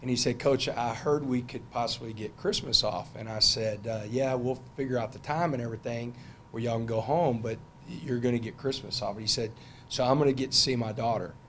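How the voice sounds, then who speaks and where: A middle-aged football coach with a drawl fields press questions. He rambles in a relaxed, talky way, full of fillers and restarts, at a mid pitch. A faint hum sits under his voice. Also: fairly quick. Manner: loose, conversational, many fillers and restarts. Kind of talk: press conference answers.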